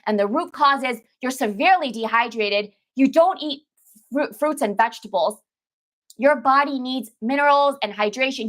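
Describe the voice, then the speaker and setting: Emphatic woman coach, higher voice. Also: normal speed, fairly bright tone. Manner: emphatic, repeats phrases, calls viewers "baby" and "girl". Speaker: detox coach. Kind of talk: casual live-stream talk to viewers.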